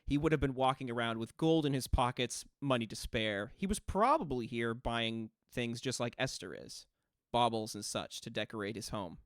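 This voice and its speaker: A man running a tabletop game as game master, narrating scenes in a measured, descriptive way. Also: mid-range voice, fairly bright tone, no room sound, clean studio sound.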